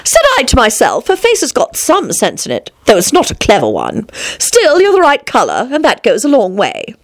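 A woman's voice: fairly high pitch, wildly swooping pitch, normal speed, no echo, voice pushed up. A woman doing a prim, condescending rose. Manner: prim, critical, falsely kind. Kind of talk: storybook reading.

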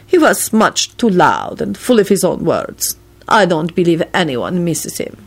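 A woman's voice: lowish voice, sing-song, a little slow, vocal fry, slightly rough, full character voice. A woman voicing a cool, self-satisfied male vampire lord who speaks in a languid, disdainful way.

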